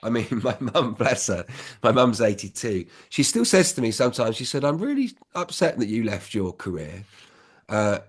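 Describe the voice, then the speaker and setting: A man's voice: medium pitch, big pitch swings, normal speed, breathy edge. A man in his fifties, a business school founder giving candid, reflective advice in a casual, conversational way.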